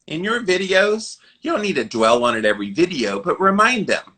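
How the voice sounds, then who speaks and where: A man with a Southern American accent hosting a podcast interview, giving earnest, animated advice. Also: fairly high pitch, a little fast. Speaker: podcast host. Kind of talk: conversational interview.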